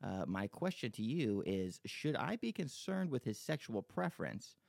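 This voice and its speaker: A man's voice: medium pitch, sing-song, moderate pace, creaky, a little mellow, no echo, clean studio sound. A man hosting a podcast, rambling and joking, swearing freely as he chats and reads listener emails. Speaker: podcast host. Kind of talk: casual podcast chat.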